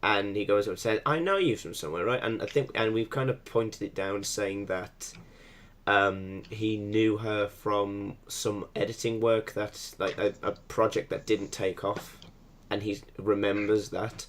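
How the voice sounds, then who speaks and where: A British man on a podcast, telling a story in an animated way and laughing often. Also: lowish voice, a little slow. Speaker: podcast co-host and editor. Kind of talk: casual podcast chat.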